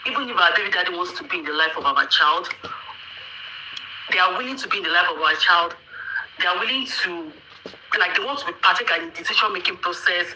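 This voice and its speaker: Caller: Nigerian woman, sharp bright tone, lecturing and repeating herself, roomy phone sound. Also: mid-range voice, slight background noise. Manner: preachy, repetitive, with frequent restarts. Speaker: caller on a live audio chat. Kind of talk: impassioned opinion on a live chat.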